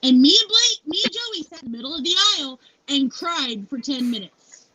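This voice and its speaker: A woman's voice: sits high, lively intonation, normal speed, sharp tone, no room sound. A woman in her forties telling a personal story in a live interview, frank and blunt, swearing freely and saying "you know" a lot. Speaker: founder and CEO, interview guest. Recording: muffled lo-fi live stream audio.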